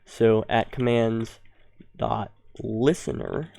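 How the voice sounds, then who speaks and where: A young man hosting a coding tutorial, explaining step by step and thinking aloud, with ums and quick self-corrections. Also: medium pitch, a little mellow, clean tone. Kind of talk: screen-recorded coding tutorial.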